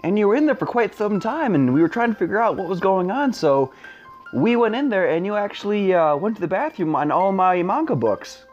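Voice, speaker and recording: A man's voice: sits high, big pitch swings, brisk, darkish tone, faint music behind, pitched above the performer's own voice. An easygoing young woman, as a man puts her on in a storytelling video, breezy and reassuring. The voice lifts well above his own and moves all over, on a slightly dull lo-fi recording. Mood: puzzled.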